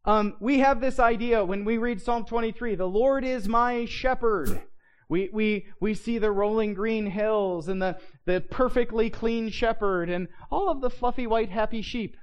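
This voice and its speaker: Bible teacher talking it through, keeps asking right?, lots of restarts and ums. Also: mid-range voice. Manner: checks in with listeners, asking "right?"; reads scripture aloud with stress on key words.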